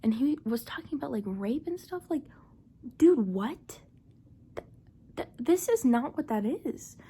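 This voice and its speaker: A woman's voice: high-pitched, lively intonation, normal speed, warm tone. A young woman casually telling a personal story, chatty and full of "like", often dropping to a half-whisper. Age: young adult. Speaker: vlogger.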